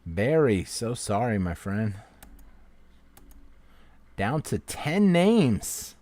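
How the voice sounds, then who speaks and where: A man's voice: medium pitch, very animated, drawn-out words. A man hosting a live-stream giveaway, calling out names one by one and apologizing to each in a casual, friendly way. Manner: apologetic, repeating "so sorry, my friend" to each name; swings between loud call-outs and quiet asides. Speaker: livestream host running a giveaway.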